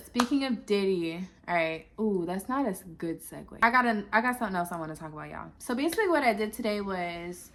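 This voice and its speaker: Woman vlogger, casual rambling delivery, lots of asides, mid-range pitch. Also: lively intonation, fast, hardly any pauses, slight background noise. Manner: rambling, chatty, full of filler asides. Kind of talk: casual chat to camera.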